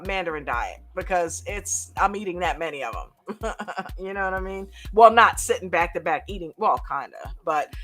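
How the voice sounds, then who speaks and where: A woman hosting a live stream chat, greeting viewers by name in a lively, casual way and laughing often. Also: medium pitch.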